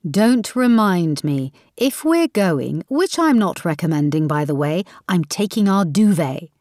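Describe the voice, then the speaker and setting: A woman voicing a married man who is dry and gently mocking, with a lively, rather low voice. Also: no echo. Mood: teasing. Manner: wry, measured, gently mocking.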